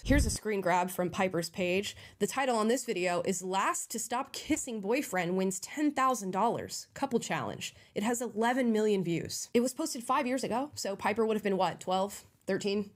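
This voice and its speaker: A woman delivering scripted commentary in a measured way, reading out headlines and quotes. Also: medium pitch, lively intonation. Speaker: online commentator.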